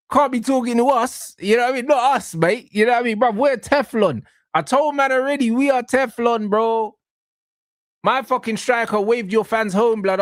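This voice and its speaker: A man's voice: sits high, dry recording, clean studio sound. A man, co-hosting a reaction show, trading mocking, slang-heavy football banter. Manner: mocking, slangy, animated trash talk. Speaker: reaction channel co-host.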